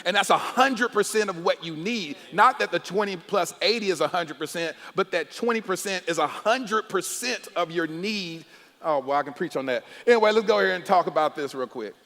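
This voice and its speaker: A middle-aged man leads a church panel on marriage, loud and animated, often breaking into laughs. His voice sits a bit high for a man. The sound rings with the long reverb of a large hall. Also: normal speed. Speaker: pastor hosting a married-couples panel. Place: church sanctuary.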